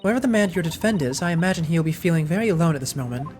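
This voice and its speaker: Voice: mid-range voice, animated, rapid-fire, a little mellow, faint music behind, lightly acted. Streamer reading a polite young assistant woman. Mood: earnest.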